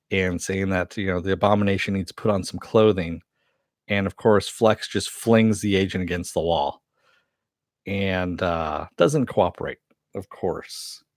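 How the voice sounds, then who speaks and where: Male reviewer, lower register, loose chatty recap with filler words, dry close mic. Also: no room sound. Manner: rambling with many fillers and quoted lines. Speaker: TV episode reviewer. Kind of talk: casual recap narration.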